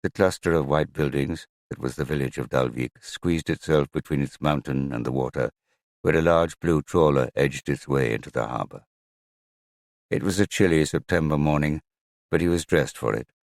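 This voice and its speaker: A man reading a novel aloud in a measured, even manner. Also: very deep voice, dry recording, clean studio sound. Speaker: audiobook narrator. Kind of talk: scripted narration.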